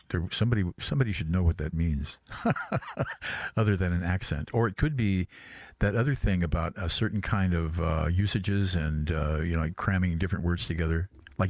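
A man hosting a casual radio show, talking in a rambling, halting way with many restarts. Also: sits low, a little mellow, dry recording. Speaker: radio host.

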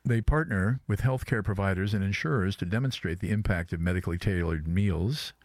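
A low-pitched man hosts a relaxed radio talk and wanders through his thoughts, often stopping and restarting. His voice is close and dry, with no room sound around it. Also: no echo. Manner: rambling, halting, many restarts. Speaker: radio host. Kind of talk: casual radio chat.

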